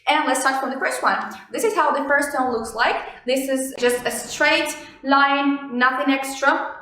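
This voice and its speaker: High, bright-voiced woman teaching in an echoey room. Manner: expressive, drawn-out demonstration syllables. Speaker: language teacher, channel host. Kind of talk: casual online language lesson.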